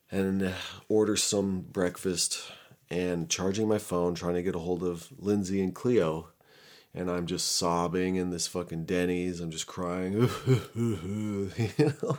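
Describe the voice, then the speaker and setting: A man's voice: sits low, a little mellow. A young man telling a candid, profane personal story in a casual, rambling way, with frequent restarts.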